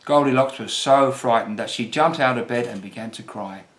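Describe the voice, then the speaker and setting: A man reading a children's fairy tale aloud as the storyteller, gentle and unhurried. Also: mid-range voice. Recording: roomy echo.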